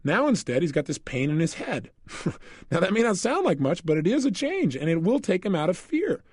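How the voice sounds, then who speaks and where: A man's voice: high-pitched, sing-song, normal speed, breathy edge, no room sound, clean studio sound. A man coaching listeners in a recorded motivational lecture, telling a story with lots of energy and laughing often. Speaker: self-help coach.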